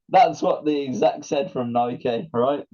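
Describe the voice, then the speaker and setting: An animated man in casual chat, bursting into laughter as he acts out every line of a story. His voice is warm and mellow, recorded with a dull, lo-fi sound. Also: medium pitch, slow. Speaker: podcast co-host.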